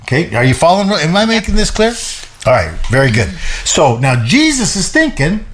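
A man co-hosting a show, teaching and explaining a Bible passage in a lively way, often repeating himself and laughing. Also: on the high side, brisk, slight background noise.

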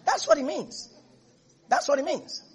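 A man's voice: very high-pitched, animated, a little slow, some chatter behind. A man preaching a sermon as pastor, emphatic, repeating phrases and asking the congregation if they are listening.

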